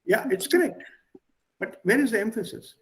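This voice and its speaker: A man teaching a German class on a video call, explaining grammar in an animated way. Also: high voice, moderate pace. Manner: animated, explaining, switching between English and German. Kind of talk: online language lesson.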